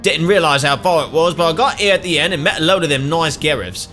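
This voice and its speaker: A man's voice: fast, soft background music. Man doing a chirpy dialect cockatrice. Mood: jokey. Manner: broad working-class British dialect; bright, high, cheery sing-song. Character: chatty scatterbrained cockatrice bird.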